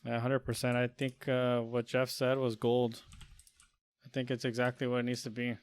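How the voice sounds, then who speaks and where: A man co-hosting a casual podcast, talking loosely and pausing often to search for his words. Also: medium pitch, completely flat delivery, smooth. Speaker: podcast co-host. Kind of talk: casual chat.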